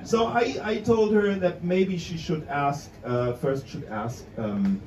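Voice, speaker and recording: German man doing relaxed stand-up. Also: a little high, takes it slowly. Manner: relaxed, conversational. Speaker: stand-up comedian. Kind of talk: stand-up comedy set. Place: comedy club stage. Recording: roomy club sound from far off, crowd. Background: audience laughter.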